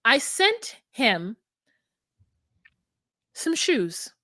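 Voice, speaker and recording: Bright, animated woman recapping a show. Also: on the high side, drawn-out words, no echo, clean studio sound. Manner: animated, acts out quotes from the show. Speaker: podcast co-host recapping a reality show. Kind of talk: casual recap chat.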